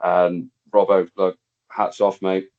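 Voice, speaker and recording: A man's voice: sits low, flat delivery, slow pace, dull audio. A man co-hosting a podcast in casual chat, rambling and searching for his words in a matey way.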